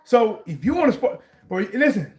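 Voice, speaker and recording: A man's voice: high voice, big pitch swings, moderate pace, darkish tone, slight background noise. A man in a casual chat about sports, talking in rambling bursts and raising his voice to drive points home. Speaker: sports commentary vlogger.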